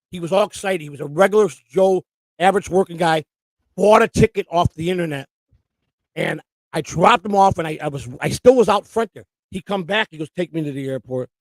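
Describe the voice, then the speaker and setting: A man with a high voice rambles through profane stories, restarting sentences as he goes. He co-hosts a casual live stream. The sound is dry and close on a desk mic. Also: no echo. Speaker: co-host and storyteller. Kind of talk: casual chat, rambling anecdotes. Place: home live-stream setup.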